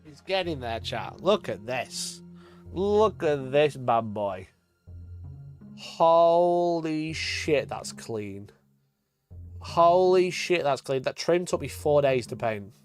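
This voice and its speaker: A man's voice: mid-range voice, lively intonation, measured pace, soft background music. A man chatting casually on a live stream, joking and swearing often, with frequent laughter.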